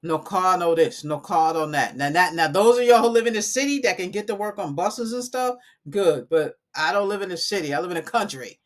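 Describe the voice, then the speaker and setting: A woman, talking casually and animatedly to her viewers on a live stream from home, calling them y'all. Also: on the low side. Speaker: coding academy owner.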